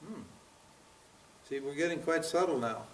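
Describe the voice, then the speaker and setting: An American spiritual teacher in his seventies gives a seminar lecture at a yoga center in a slightly high, lively voice at a moderate pace. He presses listeners with rhetorical questions and frequent "huh?" and "what?". The roomy recording is from far off, with a little hiss or hum.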